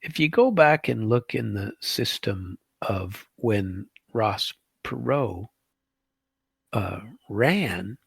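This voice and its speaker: Middle-aged male host, low gravelly voice, rambling commentary, dry close sound. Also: expressive, slow, dry recording. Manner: rambling, full of restarts and asides. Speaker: show host. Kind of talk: casual political commentary.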